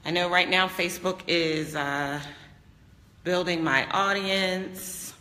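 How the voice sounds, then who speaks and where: A woman business coach live-streams casually from a vacation house, moving indoors and out while speaking emphatically into a phone held at arm's length and greeting viewers by name. Her voice is fairly low, slow, pushed and bright, with a big-room sound.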